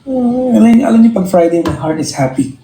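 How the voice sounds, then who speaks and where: A man with a Filipino accent talks earnestly and reflectively to his live-stream viewers, circling back and restarting his phrases as he thinks. His voice sits a little high and mellow. The sound carries a roomy echo. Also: lively intonation, fairly quick.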